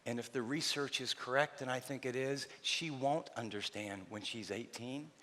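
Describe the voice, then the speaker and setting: A man's voice: mid-range voice, moderate pace. Emphatic man preaching in a hall. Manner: emphatic, dropping to a hush for emphasis. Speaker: pastor. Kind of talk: sermon. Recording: reverberant hall.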